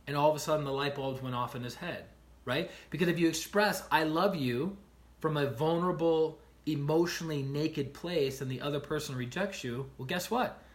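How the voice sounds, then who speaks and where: A man with a voice pitched a little higher than most, talking casually on a livestream. He tells stories in an animated way, acts out the people in them, and keeps asking "right?" to check in with his listeners. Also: moderate pace. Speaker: life coach streaming to viewers.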